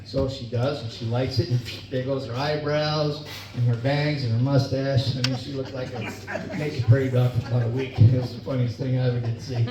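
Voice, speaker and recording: A middle-aged man tells folksy family stories in a stand-up set, chuckling at his own punchlines. His voice sits at an ordinary pitch but comes through roomy and distant. Steady chatter and noise hang under the dull recording. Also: brisk, few pauses. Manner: folksy storytelling, laughs at own jokes. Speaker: stand-up comedian. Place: club or bar stage. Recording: echoey room, distant mic, dull, noisy.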